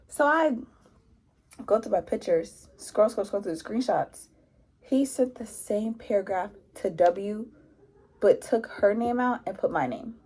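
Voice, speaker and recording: Young woman vlogger, husky voice, chatty storytime, slangy and animated. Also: mid-range voice, a little slow. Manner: animated, slangy, mimics people in quotes. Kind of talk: casual storytime.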